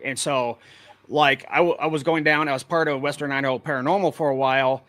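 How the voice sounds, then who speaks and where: A man's voice: mid-range voice, fairly even intonation, fast, fairly bright tone, dry recording. A man from Washington State, a paranormal investigator, telling his experiences matter-of-factly as an interview guest over a video call. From Washington State, USA. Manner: matter-of-fact, plain-spoken storyteller. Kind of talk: casual interview talk.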